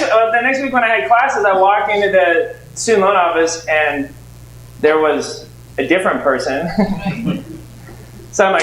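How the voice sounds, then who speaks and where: A man in his forties teaching a live seminar room, telling animated stories and acting out dialogue with shifting voices. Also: sits high, moderate pace, pauses often. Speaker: real estate investing trainer. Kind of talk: storytelling lecture to a live audience. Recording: echoey room with faint background noise.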